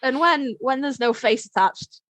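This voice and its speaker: A woman's voice: high voice, moderate pace, fairly bright tone, no room sound. A woman co-hosting a podcast in casual chat, blunt and self-deprecating, swearing freely. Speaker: podcast co-host and instructor.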